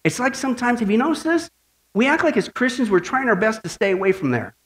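A male pastor preaching a lively sermon, telling jokes and asking the congregation questions. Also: very high-pitched, quick pace. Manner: animated, tells jokes, asks the congregation questions.

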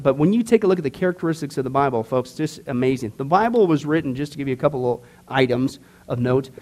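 A man's voice: a little high, a little mellow. A man teaching a Bible study class in a casual, emphatic way, cracking jokes and asking the group questions.

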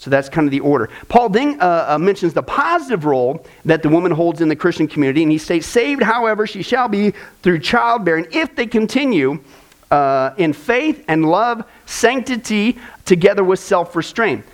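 A man teaching a church discipleship class in a conversational way, with frequent fillers and repeated words and lively personal stories. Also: high-pitched, normal speed. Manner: tells lively personal stories, acting out voices.

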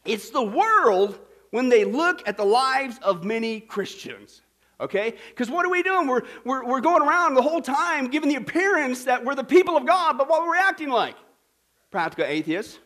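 A male pastor with a very high-pitched voice preaches a sermon at normal speed. A lively, laughing storyteller, he tells a joke and quizzes the congregation with questions.

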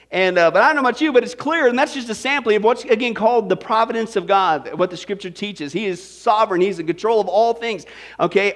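Here a Bible study teacher with an extremely high-pitched voice preaches with folksy animation. Rhetorical questions aimed at his congregation come one after another.

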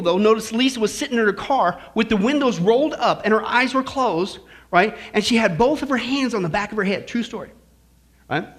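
Male preacher, folksy joking sermon delivery, high pitched and bright. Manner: folksy and joking, with shifting emphasis. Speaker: pastor. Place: church.

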